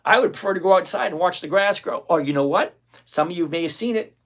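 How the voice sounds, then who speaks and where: A retired older host runs a live investing stream, chatting straight to the camera and firing back at viewer comments. The voice is gravelly and sits at a middle pitch. The delivery is blunt and sarcastic, and the host repeats phrases over and over to drive each point home. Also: expressive, fast, a bit bright.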